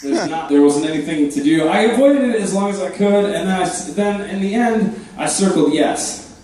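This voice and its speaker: Deadpan man doing stand-up in a roomy club. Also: high voice, distant mic. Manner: deadpan, self-deprecating, quick asides. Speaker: stand-up comedian and host. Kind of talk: stand-up comedy set. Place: comedy club stage before a live crowd. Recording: echoey room, voice from afar.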